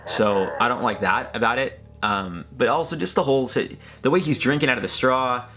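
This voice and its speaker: A man's voice: medium pitch, a little fast, pushed and bright. A man hosting a reaction video, talking in a rambling, hesitant, joking way. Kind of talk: casual commentary.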